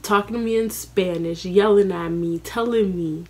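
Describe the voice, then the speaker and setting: A young woman vlogger telling a story in a casual, animated, profane way, acting out her own panicked lines. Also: mid-range voice, normal speed, slightly rough. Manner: animated, profane, dramatic self-quoting.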